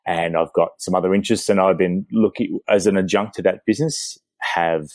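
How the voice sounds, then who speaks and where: A middle-aged man with an Australian accent, introducing himself as a guest with a relaxed delivery and frequent pauses. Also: deep voice, no echo. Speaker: interview guest, retail expert. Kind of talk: self-introduction in an interview.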